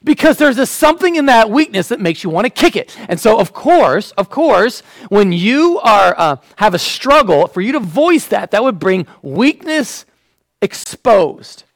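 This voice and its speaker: A man preaching a sermon as a pastor. He acts out the quotes and drops to a hush when he wants a point to land. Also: sits high, big pitch swings, a little slow, dry recording, low-quality recording.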